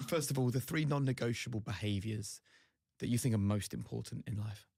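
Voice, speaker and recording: A man's voice: medium pitch, fairly quick, vocal fry, darkish tone, husky, no room sound, clean studio sound. A man hosting a podcast interview, easygoing, with short agreeing replies. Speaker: podcast host. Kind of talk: conversational interviewing.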